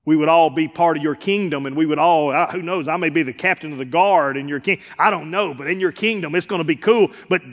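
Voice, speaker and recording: A man preaching as a pastor, who acts out the people he quotes and swings between loud and hushed delivery. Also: a little high, quick pace, hardly any pauses, in a large hall. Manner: preacher acting out quoted voices, rising and dropping in volume. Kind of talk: sermon. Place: church sanctuary.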